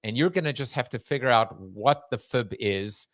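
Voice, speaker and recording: A man's voice: mid-range voice, expressive, normal speed, no room sound. Man, Long Island accent, podcast host, joking, rambling, dry sound. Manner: jokey, rambling, laughs often. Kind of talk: casual interview chat.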